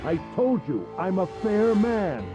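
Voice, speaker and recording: Pompous villain, gentleman airs, mocking, cruel laughs, high swooping voice, game music behind. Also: very animated, measured pace, highs cut off. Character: sneering, pompous gentleman villain, adult man.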